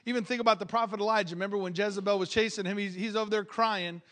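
High-voiced man preaching a sermon. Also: fairly even intonation, rapid-fire, a bit bright. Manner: emphatic, calls for amens, repeats his starts. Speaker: visiting preacher. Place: church.

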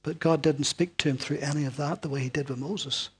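A man delivers a sermon in a husky, slightly high voice. He leans hard on his key lines, then drops to a hushed near-whisper to draw the listener in. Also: steady tone, brisk. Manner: dramatic, swinging from loud emphasis to hushed near-whispers. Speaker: preacher.

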